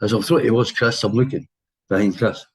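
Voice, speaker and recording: A man's voice: fairly low pitch, fairly even intonation, fast talker, poor audio. A man in his sixties with an English accent, a former footballer telling dressing-room stories in a casual interview, full of laughs and quoted voices.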